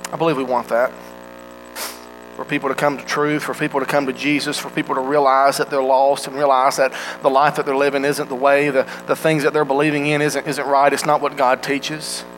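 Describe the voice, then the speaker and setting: A man's voice: medium pitch, flat delivery, fairly quick, fairly bright tone, slight background noise, low-quality recording. A man preaching a sermon in an earnest way, asking his listeners direct questions.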